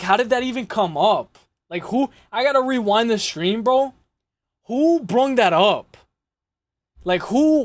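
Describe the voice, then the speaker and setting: A man hosting a casual livestream, rambling and cursing as he makes fight picks, his voice hoarse and worn out. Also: sits high, dry recording. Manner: rambling, repeats himself, curses freely. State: lost his voice. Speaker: livestream host.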